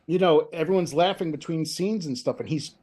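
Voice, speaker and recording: A man being interviewed about his book over a video call, telling lively anecdotes in a chatty, self-deprecating way. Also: on the high side, a little fast. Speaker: author, interview guest. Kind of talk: casual storytelling chat.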